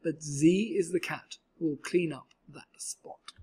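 Reading a storybook aloud, a man with a mellow, breathy, higher-pitched voice takes a measured pace. He voices a cheerful, boastful male cat in a tall hat, giving him a showy, exclaiming manner.

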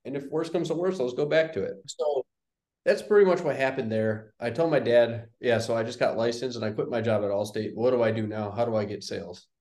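A man's voice: mid-range voice, brisk. A young man, a guest on an interview show, casually telling a story and acting out the dialogue. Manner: animated storyteller, acts out quoted dialogue. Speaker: guest, real estate investor. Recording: roomy echoey sound.

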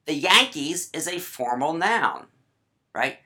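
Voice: mid-range voice, sing-song, slow pace, pushed and bright. A writing teacher giving a casual grammar lesson, chatty and full of asides, often checking in with "right?".

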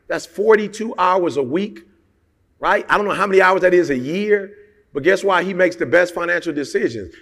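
A man with a high-pitched voice delivers a motivational talk, emphatic and full of rhetorical questions. His tone is gravelly and fry-laden, and his casual, slangy phrasing rings out with a long hall reverb behind it. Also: a bit bright. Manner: slangy and conversational. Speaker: motivational speaker.

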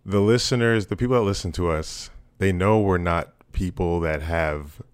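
A man's voice: low-pitched, normal speed, clean tone, no room sound. A man co-hosting a podcast in casual chat, swearing freely and laughing as he rambles. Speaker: podcast co-host.

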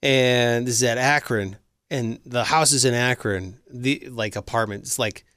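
A young American man telling a story in casual chat, acting out quoted shouts with a lot of energy. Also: medium pitch, unhurried, no echo, clean studio sound. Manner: animated, shouts out quoted lines in a loud put-on voice.

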